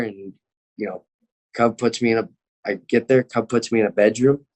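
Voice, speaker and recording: Low-voiced young man swearing through stories. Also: steady tone, a little fast. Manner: swears constantly, acts out quoted people. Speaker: MMA fighter guest. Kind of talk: casual storytelling.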